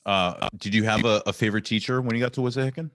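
A man hosting a casual interview, asking halting questions full of fillers. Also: lowish voice, fairly even intonation, a bit bright, no echo. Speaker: podcast host.

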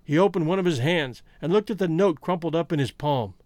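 Male narrator, scripted storytelling, high and lively pitch, dry close sound. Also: brisk, no room sound. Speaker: audiobook narrator.

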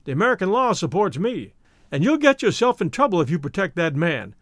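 A man voicing an indignant, thick-set English detective who speaks in a high key, read aloud as part of a story. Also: very animated, a little fast, a bit bright, dry recording, studio quality, exaggerated voice. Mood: blustering. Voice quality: high-pitched, blustering.

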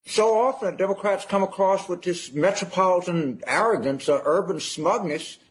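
A high-pitched man speaks in a played interview clip as a political commentator. He stumbles and repeats words while pushing his point. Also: moderate pace, low-quality recording.

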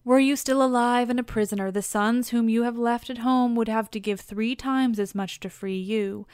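A woman's voice: on the high side, steady tone, normal speed, a little mellow, smooth, no echo, studio quality, lightly acted. A woman voicing a male messenger god earnestly warning an old king, in a storybook reading.

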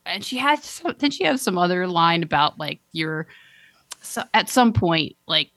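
A woman's voice: lowish voice, measured pace, no echo. A woman co-hosting a casual chat, recapping a TV episode with lots of laughter and quoted lines. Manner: animated, laughs often, acts out lines in quotes. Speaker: podcast co-host.

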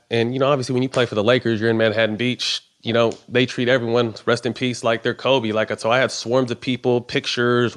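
A man telling a personal story in casual, profane talk, acting out both sides of the conversations he recounts. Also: mid-range voice. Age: adult. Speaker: professional basketball player.

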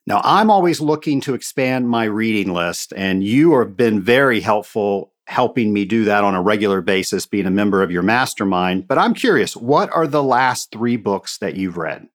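A man's voice: fairly low pitch, animated, moderate pace, hardly any pauses. A man hosting a podcast, asking a guest questions in an upbeat, friendly way. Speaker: podcast host. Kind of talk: interview questions.

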